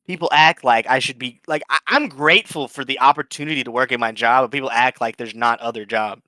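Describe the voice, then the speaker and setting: A man guesting on a podcast, telling a story in a blunt, profane, animated way and acting out the quotes. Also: quick pace, hardly any pauses, no room sound. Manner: animated, acts out quotes with big pitch jumps. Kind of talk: casual storytelling.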